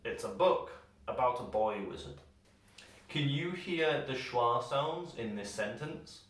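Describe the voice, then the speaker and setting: A man teaching English pronunciation, slowing down and stretching words to show each sound. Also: medium pitch, lively intonation, a bit bright, distant mic. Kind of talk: pronunciation lesson. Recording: very echoey room, voice set back from the mic.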